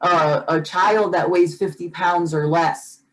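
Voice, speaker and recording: In a low-quality recording, a woman with a fairly low pitch and steady tone takes her time as she co-hosts a casual podcast chat. Earnest and passionate, she frequently restarts and repeats words when she gets worked up.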